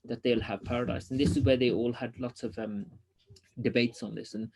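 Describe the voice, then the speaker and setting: Man, religious teacher, online lesson, quick reading, explains with lots of ums, mid-pitched voice. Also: fairly even intonation, vocal fry, a little mellow, husky. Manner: explanatory, reads passages quickly then explains with many ums.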